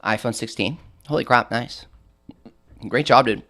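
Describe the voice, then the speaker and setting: A man's voice: mid-range voice, unhurried, pushed and bright, slight background noise. Hiccuping male streamer chatting casually. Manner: chatty, self-deprecating, answers chat questions. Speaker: game streamer. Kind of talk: casual live-stream chat reading viewer comments.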